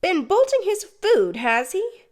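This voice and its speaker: High, snappish, bossy sister, as a woman narrator puts her on for an audiobook. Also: sing-song, takes it slowly, full character voice. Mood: scolding. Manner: sharp, scolding. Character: sharp-tongued bossy older sister, shrill.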